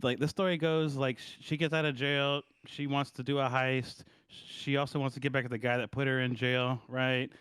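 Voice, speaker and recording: A man's voice: mid-range voice, flat delivery, normal speed, hardly any pauses, a bit bright, smooth, no echo. A man co-hosting a casual film review podcast, talking in a profane, rambling way and checking in with "right?". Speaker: podcast co-host.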